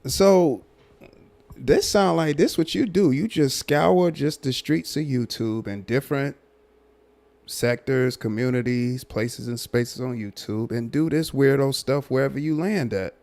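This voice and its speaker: Gravelly man calling out a guest. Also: medium pitch, measured pace, a little mellow. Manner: repetitive, emphatic, judging. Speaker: livestream host. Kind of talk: commentary on a livestream.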